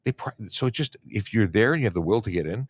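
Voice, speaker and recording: A man co-hosting a casual livestream, chatting in a halting way and often repeating words as he starts sentences. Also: lowish voice, expressive, dry recording.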